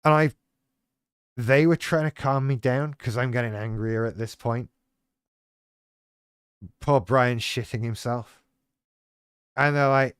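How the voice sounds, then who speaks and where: A man's voice: mid-range voice, takes it slowly, pauses often, clean tone, no room sound. Swearing man, dry sound. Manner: rambling, self-deprecating storytelling with frequent swearing. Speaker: channel host talking about living with BPD. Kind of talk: casual personal monologue.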